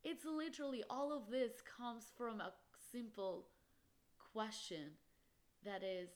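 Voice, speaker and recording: A young woman hosts her own podcast in a slightly high voice at a slow pace. She talks with emphasis and passion, sprinkling in plenty of "literally" and "like."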